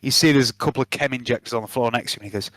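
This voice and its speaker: A man runs a tabletop game in a relaxed, halting style, with many fillers. His voice sits at a middle pitch. The sound is dry and close to the mic. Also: dry recording. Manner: casual, filler-heavy narration. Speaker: game master.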